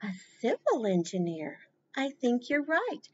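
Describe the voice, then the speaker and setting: A woman presenting a library storytime, reading slowly and encouraging the children warmly as she leads them. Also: on the high side, breathy edge, lo-fi sound. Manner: encouraging, slow, animated.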